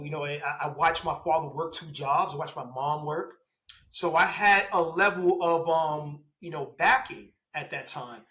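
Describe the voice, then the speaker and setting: Bright, animated man telling his story. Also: on the high side, rough recording. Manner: animated, laughing, acts out quoted dialogue. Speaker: guest, police officer. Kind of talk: casual storytelling interview.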